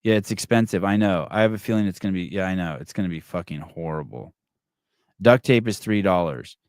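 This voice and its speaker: A middle-aged man with a lowish voice tells a story as a podcast host, swearing freely and getting animated. His voice sounds close and dry, with no room around it. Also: a little fast, dry recording. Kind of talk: casual storytelling and reading comments.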